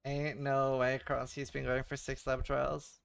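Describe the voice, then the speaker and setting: A man's voice: medium pitch, completely flat delivery, unhurried, vocal fry, a bit bright, smooth. A man streaming a video game, chatting casually, muttering to himself, swearing and stammering. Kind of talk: casual livestream chat while gaming.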